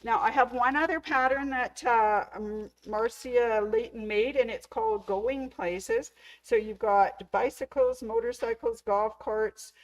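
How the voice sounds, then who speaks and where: A woman's voice: a little high, a little slow, rough recording. A woman hosting a casual sewing shop video, chatty and enthusiastic as she shows off patterns, gushing over how cute everything is. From Canada. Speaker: sewing store host. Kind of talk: casual show-and-tell demo.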